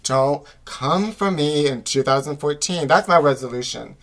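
A man's voice: on the high side, moderate pace. Man, podcast co-host, sassy, campy, dramatic, small closet studio. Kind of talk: casual comedic chat.

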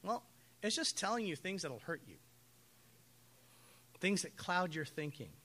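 A man preaching a sermon as pastor, telling stories with animated acted-out quotes. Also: a little high. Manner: animated storytelling, acts out quoted voices.

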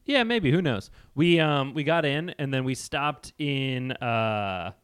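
A man's voice: medium pitch, animated, slow, a bit bright, clear, resonant tone, no echo, clean studio sound. A man co-hosting a podcast, recounting a trip in a laid-back, hesitant way. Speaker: podcast co-host. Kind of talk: casual chat.

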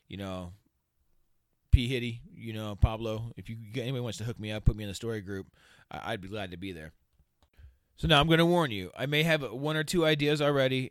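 A man hosts a casual podcast and rants in a heated, profane way. His voice sits at an ordinary middle pitch. The sound is dry and close, with no room around it. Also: fairly bright tone, smooth, no echo. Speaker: podcast host.

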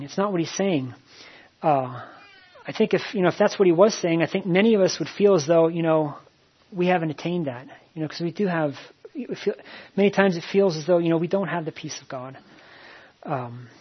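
Middle-aged male pastor, husky voice, sermon delivery, repetitive phrasing, slightly dull recording. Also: a little high, a little fast. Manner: repeats phrases, many "you know" fillers.

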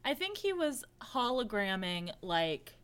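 A woman's voice: mid-range voice, big pitch swings, a little slow, a bit bright, clean tone. A woman co-hosting a podcast in casual chat, giving rambling explanations full of "like" and "I think". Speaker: podcast co-host.

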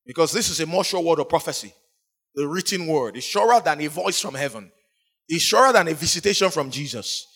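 A man with a somewhat high voice preaches a sermon in a storytelling way. He voices the people in his story and breaks into sudden emphatic rises, then drops back to a quieter tone. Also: animated, fairly quick.

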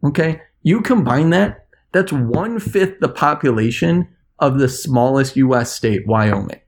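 Brief: sarcastic male podcast correspondent, gravelly voice, animated delivery. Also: medium pitch, unhurried. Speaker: international correspondent. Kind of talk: podcast chat.

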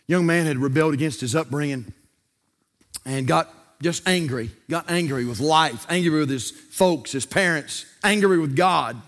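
A man preaching a sermon as pastor of a church, telling a story dramatically, swinging from hushed tones to shouting, then praying aloud softly. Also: moderate pace. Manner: prays aloud in a soft, low voice. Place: church service.

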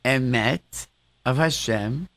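A man's voice: medium pitch, slow, a bit bright, no room sound. A man in casual conversation, reminiscing and sprinkling Hebrew religious terms into his English. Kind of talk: casual chat.

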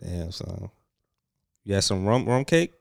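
A man's voice: low voice, very animated, a little slow, gravelly, a little mellow, no room sound, clean studio sound. A man co-hosting a casual podcast, laid-back and teasing, rambling as he introduces songs. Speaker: podcast co-host.

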